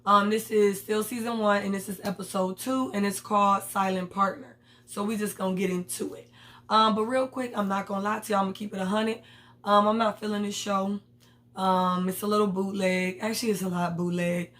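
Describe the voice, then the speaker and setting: A woman's voice: mid-range voice, steady tone, brisk, a bit bright. A woman reviewing a TV episode in a casual vlog, candid and slangy with blunt opinions. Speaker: TV show reviewer.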